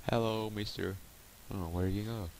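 He's a Let's Play host with a lowish, darkish voice, fairly even intonation and a moderate pace. While playing he chats to the game's monsters, swears freely and sometimes goes quiet to a murmur; the audio is poor and has clear background noise.

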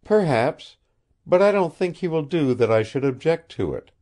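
A man's voice: fairly high pitch, very animated, normal speed, a little mellow, voice pushed up. A man reading the part of an earnest, innocent young woman who holds a prisoner, speaking with childlike sincerity. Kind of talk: audiobook character reading.

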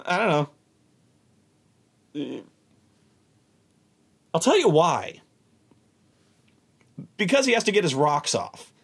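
Husky man ranting about a game. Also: a little high, slow pace, pauses often. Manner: animated, profane, exasperated, repeats words. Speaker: host telling a tabletop gaming story. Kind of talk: casual storytelling rant.

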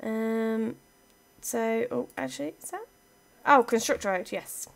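A young woman gives casual let's-play commentary, chatting away and talking to her game pieces. Her voice sits a little higher than most women's. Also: slow, vocal fry.

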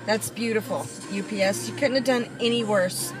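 A woman's voice: mid-range voice, moderate pace, over music, rough recording. A woman driving and filming, ranting at other drivers with sarcastic, swearing mutters. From Florida. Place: inside a car on the road. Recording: car cabin with road noise.

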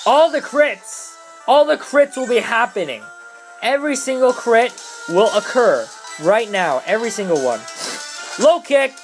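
A young man doing excitable gameplay commentary, swearing a lot and shouting in glee. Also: extremely high pitch, unhurried, faint music behind. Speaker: let's play commentator.

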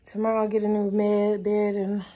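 A woman's voice: medium pitch, monotone, moderate pace, dark tone. A woman vlogging in casual chat, talking to her viewers directly as she unpacks and shows off purchases. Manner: chatty, talks to viewers as y'all.

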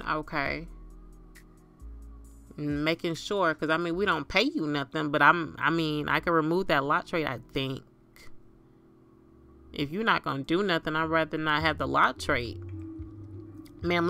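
A woman's voice: low-pitched, bright, forceful tone. Chatty woman narrating her life-sim game. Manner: chatty, talks to her game characters like family. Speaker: gaming channel host. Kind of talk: casual life-sim gameplay commentary.

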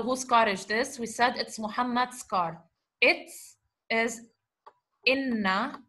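A woman teaching a grammar lesson, explaining slowly, repeating examples and asking the class rhetorical questions. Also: on the high side, pushed and bright. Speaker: Arabic teacher.

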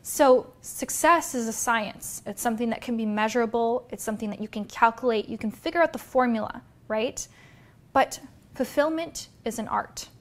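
Woman, motivational vlog talk, energetic, direct, fairly high voice. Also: moderate pace. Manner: energetic, direct, addresses viewers. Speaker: business coach and vlogger.

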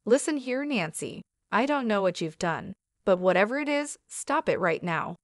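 A woman's voice: medium pitch, lively intonation, normal speed, no room sound, studio quality, lightly acted. A woman voicing an adult man, a deceitful husband who turns urgent and defensive. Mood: demanding. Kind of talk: storytelling dialogue.

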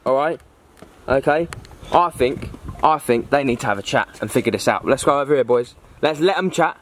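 A man's voice: mid-range voice, normal speed. Confrontational man on a noisy street. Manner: confrontational, keeps telling people to calm down. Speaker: host and lead of a scripted street film. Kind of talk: acted first-person drama. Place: outdoors in town streets. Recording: outdoor noise, traffic.

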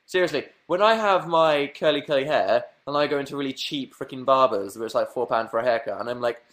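Young southern English man, self-mocking livestream host, medium pitch, playful and sing-songy, webcam at home. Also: fast talker, a bit bright. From southern England. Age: young adult. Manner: playful, self-mocking, bursts into silly sing-song noises. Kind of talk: casual livestream chat answering viewer questions.

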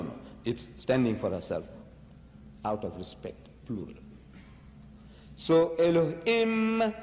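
A man's voice: mid-range voice, darkish tone, big-room sound. A man giving a religious lecture, arguing emphatically with rhetorical questions. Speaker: preacher.

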